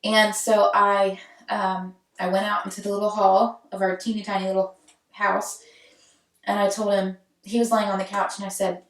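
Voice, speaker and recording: A woman's voice: medium pitch, flat delivery, moderate pace, recorded from a distance. A young woman, telling her own story in a candid, conversational way. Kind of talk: personal storytelling. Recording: roomy echo, voice set back from mic.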